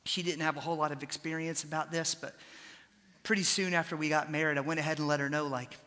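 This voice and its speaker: A young adult man preaching a sermon, switching between scripture and animated, folksy storytelling asides. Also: fairly high pitch, quick pace, big-room sound.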